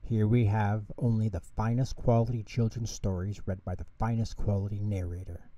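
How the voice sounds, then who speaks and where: Deep-voiced man reading a bedtime story. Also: little pitch movement, normal speed, dark tone, no room sound, muffled recording. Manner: dry self-mocking. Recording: dry, distant mic.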